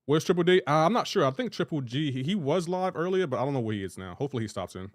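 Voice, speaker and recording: A man's voice: a little high, expressive, very fast, no room sound. Rambling man chatting on a live stream. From Delaware, USA. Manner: chatty, rambling, restarts sentences, answers chat. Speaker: game streamer. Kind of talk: casual live-stream chat.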